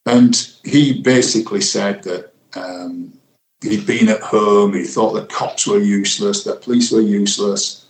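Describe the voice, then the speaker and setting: A man in his sixties, a retired senior detective, recalling a case in a reflective, halting interview manner, acting out what people said. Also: on the low side, steady tone. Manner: reflective, halting with fillers, reenacts quotes. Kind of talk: interview recollection. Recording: echoey room.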